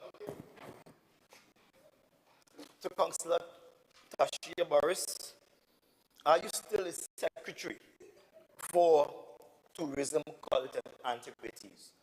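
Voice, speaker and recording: A man's voice: a little high, a little slow, pauses often, a little mellow, long reverb tail, a little hiss or hum, low-quality recording. A man with a Tobagonian accent, an assemblyman arguing emphatically and repeating himself in a parliamentary debate. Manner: indignant, emphatic, repetitive. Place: legislative assembly chamber.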